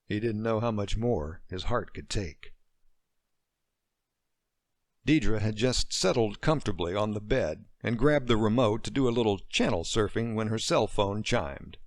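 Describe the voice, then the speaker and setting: A man narrating a romance novel as an audiobook, reading slowly and expressively. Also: lowish voice, no room sound, clean studio sound. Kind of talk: scripted narration.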